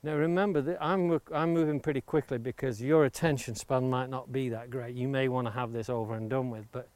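A man's voice: mid-range voice, steady tone, fairly quick, darkish tone, no room sound. A man teaching woodworking outdoors by the coast, explaining each step patiently as he carves with an axe and stressing safety. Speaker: woodworking instructor. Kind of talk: hands-on demonstration. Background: axe chopping clicks.

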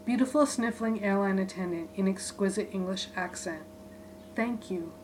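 A woman giving a deadpan spoken-word reading of her own short writings, in clipped, list-like phrases. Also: medium pitch, brisk, noisy background.

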